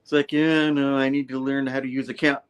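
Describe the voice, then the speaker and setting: A man hosting a casual comic book review show, retelling a story and jumping into quick character voices. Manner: animated storyteller, jumps high for quoted characters.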